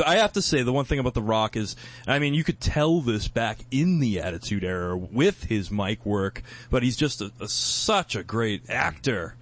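Easygoing man steering a podcast chat. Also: medium pitch. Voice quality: easygoing, laughs often, steers the topic. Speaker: podcast host. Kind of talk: casual chat.

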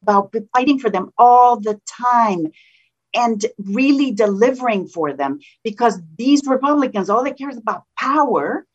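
A woman's voice: fairly high pitch, animated, moderate pace, husky. A woman whose first language is Spanish, speaking as a political candidate in an interview, impassioned and emphatic, repeating phrases for stress. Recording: dull lo-fi audio.

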